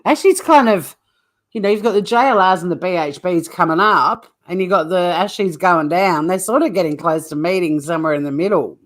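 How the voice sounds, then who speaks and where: A woman's voice: lowish voice, fairly quick, few pauses. A woman hosting a true crime channel, chatting casually and bluntly on a livestream, swearing freely and rambling as she reacts to live chat.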